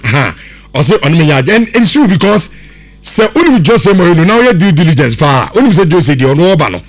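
A man's voice: on the high side, big pitch swings, brisk, dry recording. A man with a Ghanaian accent hosting a sports radio show, reading out listener messages in a casual, chatty way.

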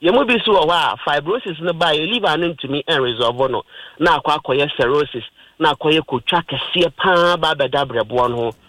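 A man's voice: on the high side, fairly quick, pushed and bright, dry recording, poor audio. A man with a Ghanaian accent explaining liver disease on a radio health talk, lecturing patiently with everyday examples. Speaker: health expert guest on radio. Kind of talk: radio health talk, mixing Twi and English.

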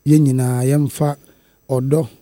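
A man's voice: mid-range voice, flat delivery, slow, warm tone, no echo. A man, a musician, speaking earnestly and emphatically in an interview. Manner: switches between English and Twi, earnest and emphatic. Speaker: musician guest. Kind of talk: interview conversation.

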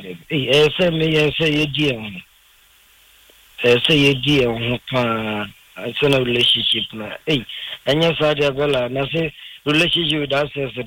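A man's voice: mid-range voice, moderate pace, fairly bright tone, slight background noise, poor audio. A man with a Ghanaian accent calling into a radio show, emphatic and repeatedly addressing the host by name. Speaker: radio caller. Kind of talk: phone-in chat.

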